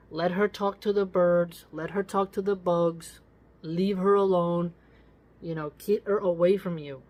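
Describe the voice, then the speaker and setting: Slow, low-voiced woman giving emphatic commentary. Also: a little mellow. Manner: emphatic, repeats words for stress; preachy, addresses listeners directly. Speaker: commentator reviewing a book. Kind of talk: casual spoken commentary.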